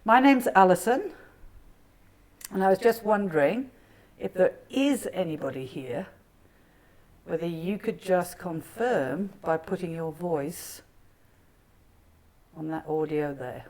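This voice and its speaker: A woman investigating a haunted building, asking soft, coaxing questions into the dark. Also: on the low side, unhurried, rough recording. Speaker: paranormal investigator. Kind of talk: hushed ghost-hunt narration. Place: dark old building indoors.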